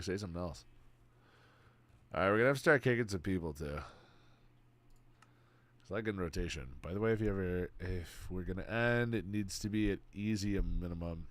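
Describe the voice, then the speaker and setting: This man has a lowish voice with no echo. He chats casually with viewers while streaming a game, laid-back and swearing freely.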